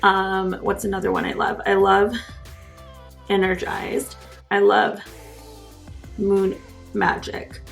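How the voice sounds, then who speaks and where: A woman's voice: mid-range voice, monotone, slow pace, gravelly, pauses often, faint music behind. A young woman beauty vlogger giving a casual, gushing makeup review, full of enthusiasm.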